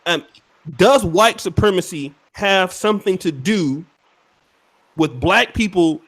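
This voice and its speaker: A man hosting and moderating a heated online panel over a video call, talking in rapid, slangy bursts and repeating calls for calm. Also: sits high. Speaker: host and moderator.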